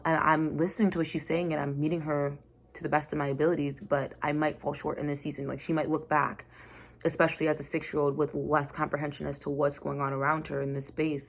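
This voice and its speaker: A woman host with a deep voice and vocal fry chats casually about being a mother. She is frank and rambling, and her talk is full of slang.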